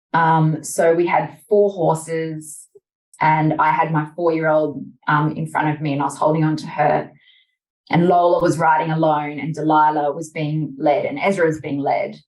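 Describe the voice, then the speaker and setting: A woman's voice: deep voice, darkish tone. A woman, a mother of young children, telling a personal story in an interview and acting out her own panicked thoughts. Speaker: interview guest. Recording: distant, echoey room sound.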